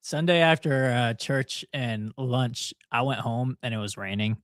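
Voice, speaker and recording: Relaxed young man, laid-back co-host. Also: mid-range voice, unhurried, no room sound, clean studio sound. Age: young adult. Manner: relaxed, laughs easily, rambling. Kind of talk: casual chat.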